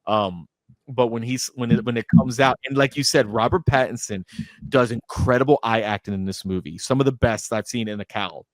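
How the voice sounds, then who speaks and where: Man, podcast co-host, animated, acts out quotes, dry close sound. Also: medium pitch, fairly quick, dry recording. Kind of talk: casual movie breakdown chat.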